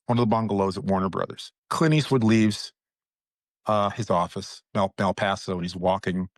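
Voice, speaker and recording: A man, a sitcom writer and producer, telling lively, laughing anecdotes in a casual interview. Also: deep voice, normal speed, dry recording, clean studio sound.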